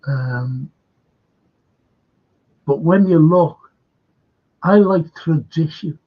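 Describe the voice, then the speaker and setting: A livestream host from Liverpool, England, speaks in a Scouse accent, rambling bluntly through a monologue full of restarts and swearing. His voice is a little high and extremely slow, and the recording sounds muffled.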